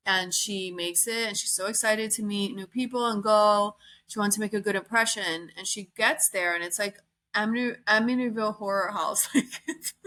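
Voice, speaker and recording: Chatty bright-voiced woman podcaster. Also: mid-range voice. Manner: chatty, rambling, heavy use of "like", acts out quoted lines. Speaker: podcast host. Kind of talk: casual chat, retelling a story.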